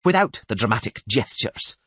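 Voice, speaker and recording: A man's voice: mid-range voice, very animated, a little slow, breathy edge, no room sound, voice pushed up. A man voicing an imperious older queen in an audiobook, cold and authoritative, raising his voice in anger. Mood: cold commanding.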